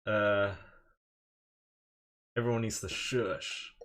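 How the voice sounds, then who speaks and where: A young man streaming chess live, chatting with viewers in a fairly low voice. He jokes, brags and answers chat questions as he plays. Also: steady tone, drawn-out words, fairly bright tone. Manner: joking, boastful, reads out chat.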